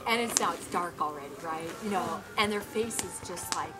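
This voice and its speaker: A woman telling a personal anecdote to a group in an animated, self-mocking way. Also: lowish voice, brisk, few pauses, over loud music. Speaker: storyteller.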